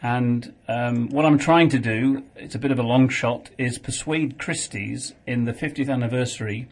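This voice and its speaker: Earnest male author with a husky voice. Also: mid-range voice, normal speed. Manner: earnest, explanatory. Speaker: author guest. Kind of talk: radio interview.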